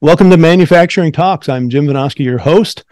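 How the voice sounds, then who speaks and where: A man's voice: on the high side, a little fast, a little mellow. A man hosting an interview podcast in an upbeat, friendly way, with frequent fillers. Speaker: podcast host.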